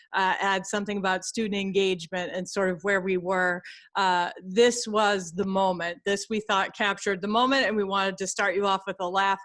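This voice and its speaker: A woman presenting at a conference over a video call, relaxed and a bit hesitant. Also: mid-range voice. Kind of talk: presentation introduction.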